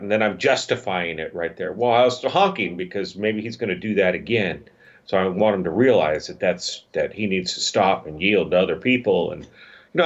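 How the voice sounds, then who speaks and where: A man co-hosting a recovery talk show, telling a personal story in a reflective, halting way. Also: fairly low pitch, muffled recording. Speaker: podcast co-host.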